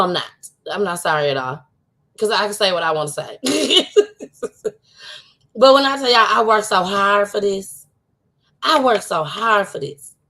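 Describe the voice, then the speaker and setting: A woman's voice: medium pitch, a bit bright. Tearful woman hosting a livestream. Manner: emotional, heartfelt, laughs often. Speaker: livestream show host. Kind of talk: casual livestream chat.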